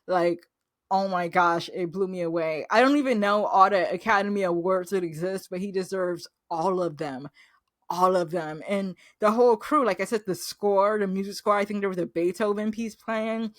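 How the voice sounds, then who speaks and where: A woman's voice: mid-range voice, normal speed, dry recording. Gushing woman recapping a show, dry close sound. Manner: gushing, emotional, exclamatory. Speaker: TV recap host. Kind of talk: casual recap review.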